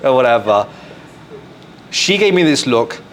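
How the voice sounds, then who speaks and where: Animated English man telling a story. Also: mid-range voice, measured pace, a little hiss or hum. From England. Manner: animated, acts out quoted speech, full of "like" fillers. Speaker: podcast guest. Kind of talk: casual storytelling. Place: live podcast recording.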